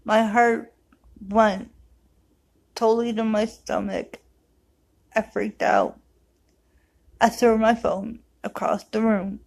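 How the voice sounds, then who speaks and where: A grieving mother telling a personal story to camera in a raw, emotional way, sometimes rushing her words. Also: a little high, lively intonation, darkish tone, rough recording. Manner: raw, emotional retelling, rushed bursts.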